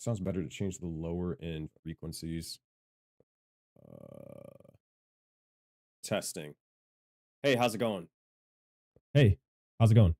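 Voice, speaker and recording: Loud, rambling man testing his mic. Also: deep voice, very animated, slow pace, vocal fry, pauses often. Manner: loud, rambling and self-deprecating. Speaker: gaming content creator and streamer. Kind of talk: casual livestream mic testing. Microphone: studio microphone with equalizer.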